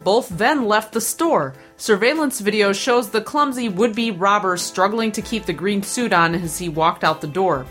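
A woman co-hosting a podcast, reading out a comic news segment with a wry, deadpan delivery and punchlines. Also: medium pitch. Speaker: podcast co-host.

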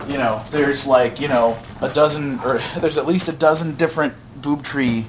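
A man co-hosting a casual podcast, joking and laughing often, with halting fillers. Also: mid-range voice, steady tone, a little hiss or hum. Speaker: podcast co-host. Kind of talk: casual chat.

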